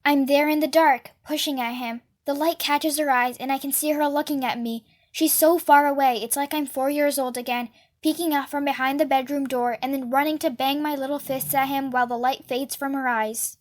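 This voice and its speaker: A woman reading a novel aloud in a steady, earnest storytelling manner. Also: high voice, normal speed. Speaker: book reader.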